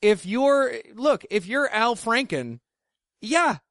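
A man co-hosting a podcast in casual chat, chiming in with sarcastic, quick-witted remarks. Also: very high-pitched, sing-song, fairly bright tone, no echo, clean studio sound. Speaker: podcast co-host.

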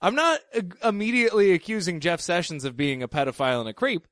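A man co-hosting a podcast in casual chat, chiming in with sarcastic, quick-witted remarks. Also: high-pitched, animated, a bit bright, no room sound, clean studio sound. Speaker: podcast co-host.

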